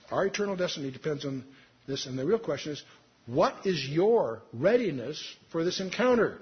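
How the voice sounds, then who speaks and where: A man's voice: high-pitched, slightly rough, muffled recording. A man teaching a sermon, earnestly reading scripture aloud with emphasis and explaining it. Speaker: Bible teacher.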